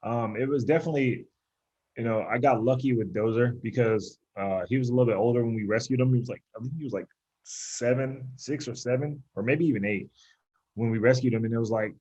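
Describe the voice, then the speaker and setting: A man's voice: medium pitch, a little fast, darkish tone, slightly rough, highs cut off. A young man, a pro athlete guest on a podcast, telling a long casual story and acting out voices in quotes, with lots of "like". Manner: rambling storyteller, heavy use of "like", acts out voices in quotes. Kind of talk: casual chat.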